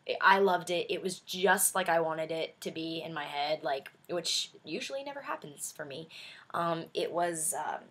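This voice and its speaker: Breathy young woman vlogging. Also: deep voice, normal speed, fairly bright tone. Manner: chatty and effusive, rambling with many fillers. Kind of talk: casual video review.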